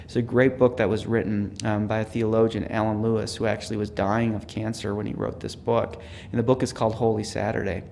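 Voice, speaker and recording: A man, a theology professor, giving a reflective teaching talk with personal stories, earnest and dropping to a hush for quoted words. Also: lowish voice, level tone, a little fast, gravelly, few pauses, slight background noise.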